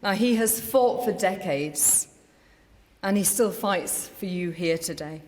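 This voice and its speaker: A woman's voice: mid-range voice, slow, darkish tone. A middle-aged woman, a newly elected mayor, giving an emphatic victory speech at a lectern in an election count hall. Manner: emphatic, rallying declarations. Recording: long reverb of a large hall.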